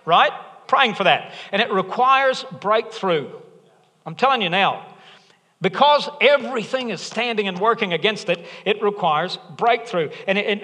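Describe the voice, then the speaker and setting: In a church auditorium with the long reverb of a large hall, a middle-aged pastor preaches a sermon in a high-sitting, sharp voice. His preaching is jokey and conversational, building with rising emphasis to firm points.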